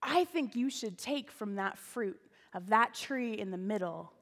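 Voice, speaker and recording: A woman's voice: medium pitch, lively intonation, unhurried. A woman voicing a cunning serpent who speaks in a persuasive, insinuating way, with long church reverb.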